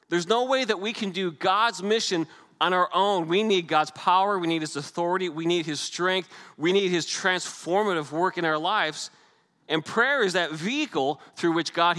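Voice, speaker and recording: A man's voice: high voice, sharp tone. A man preaching a sermon as pastor, in a conversational style with repeated emphasis and rhetorical questions. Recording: long reverb of a large hall.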